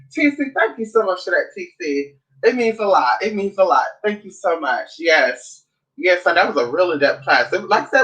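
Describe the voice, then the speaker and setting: A man hosting a casual livestream as a spiritual teacher, sassy and animated with plenty of profanity. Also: high-pitched, poor audio.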